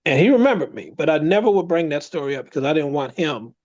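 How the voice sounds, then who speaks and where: A man co-hosting a casual podcast, telling a long story in a lively way. His voice climbs high when he quotes other people. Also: fast, highs cut off. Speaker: co-host.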